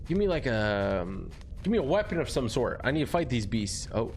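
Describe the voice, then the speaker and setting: A young man giving excitable live commentary while playing a video game, yelping when startled. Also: medium pitch, a little fast. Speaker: gaming streamer. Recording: loud game noise behind voice. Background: game sound effects.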